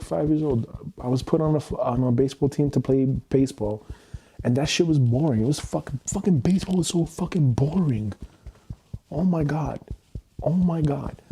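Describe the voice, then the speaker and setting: A man's voice: a little high, creaky, dark tone. Angry swearing young man on a stream. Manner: angry, heavy swearing, repeats himself. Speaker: livestreamer. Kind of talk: emotional livestream monologue. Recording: noisy stream audio.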